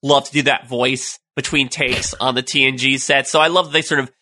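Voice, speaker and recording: Bright-voiced man chatting on a podcast. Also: mid-range voice, steady tone, no echo. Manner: chatty, jumps in with quick jokes. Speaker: podcast co-host. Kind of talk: casual fan discussion.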